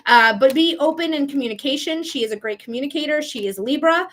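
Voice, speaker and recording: A woman's voice: high voice, quick pace, hardly any pauses, fairly bright tone. A young woman doing a live-stream tarot reading, chatty and casual, swearing freely, laughing often and talking straight to her viewers. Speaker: psychic tarot reader.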